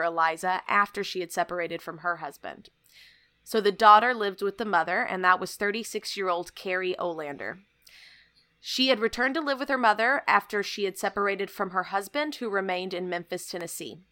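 Bright-voiced woman podcast host, playful. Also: mid-range voice, fairly quick. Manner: playful, laughing, jokey asides. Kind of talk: casual chat, storytelling.

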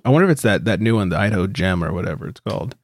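A man's voice: deep voice, expressive, very fast, dry recording, clean studio sound. A man hosting a beer podcast in loose, joking casual chat, swearing freely. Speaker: podcast host.

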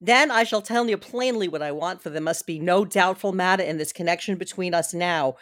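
A woman's voice: lowish voice, fairly quick, a bit bright, no room sound, studio quality, lightly acted. A woman reading the part of a devoted, earnest young wife with heartfelt drama. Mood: pleading.

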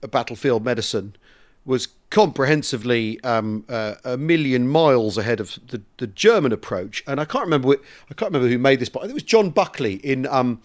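A man co-hosting a podcast, telling stories with comic relish in a casual history chat. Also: medium pitch. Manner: animated storyteller, reads aloud with comic relish. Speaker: podcast co-host.

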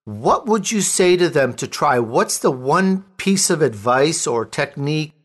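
A male interview host talks with his guest in an effusive, upbeat way. His voice sits a little high. He praises often and speaks expansively. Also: sing-song, measured pace. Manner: enthusiastic, effusive. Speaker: talk show host. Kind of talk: interview conversation.

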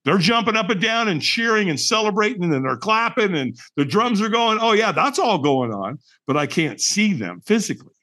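A middle-aged man, a podcast guest, telling a personal story in an animated, emphatic way and acting out the dialogue. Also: high voice, normal speed, hardly any pauses. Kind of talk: storytelling in conversation.

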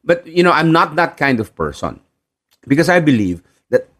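Animated Filipino preacher man. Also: on the high side, moderate pace. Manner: animated, repetitive, stressing key phrases. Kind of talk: sermon.

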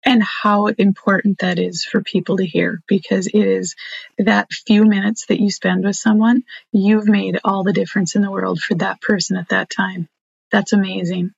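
A woman's voice: medium pitch, little pitch movement, moderate pace, gravelly, husky, no echo. A woman interviewing a guest, affirming and encouraging her. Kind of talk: supportive interview. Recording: dull, muffled audio.

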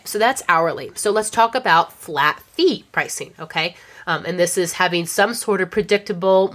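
A woman giving a casual spoken lesson to creative freelancers, chatty and conversational, with many fillers and restarts, often checking in with a quick "okay?". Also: lowish voice, fairly bright tone. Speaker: instructor on pricing for creative freelancers.

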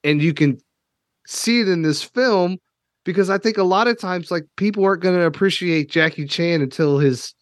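Kentucky guy hosting a podcast, kinda high voice, gets worked up and emotional, swears here and there. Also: moderate pace, no room sound, studio quality. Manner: animated, emotional, swears casually. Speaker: podcast host. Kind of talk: casual podcast chat.

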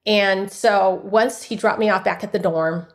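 A woman's voice: mid-range voice, steady tone, measured pace. A woman telling an emotional personal faith story as a podcast guest, earnest and full of quoted inner voices. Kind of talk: personal testimony in a podcast interview.

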